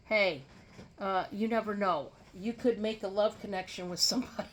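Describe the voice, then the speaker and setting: A woman casually telling a story to her viewers, chatty, with many fillers. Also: mid-range voice. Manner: chatty and drawn-out, lots of fillers. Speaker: storyteller vlogger.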